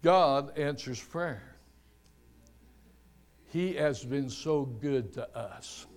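This pastor speaks at a medium pitch with lively intonation as he preaches. His sermon is built on stories, with words slowly drawn out for emphasis.

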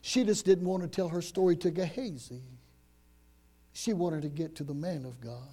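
High-voiced man preaching a dramatic sermon. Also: normal speed. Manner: dramatic, swings between loud and hushed, repeats words.

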